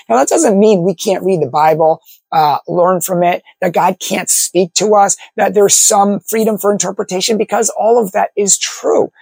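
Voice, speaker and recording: A man who is a Catholic apologist gives an argumentative opinion monologue to camera, packed with rhetorical questions. His high voice is gravelly, husky and a little mellow, recorded with no echo.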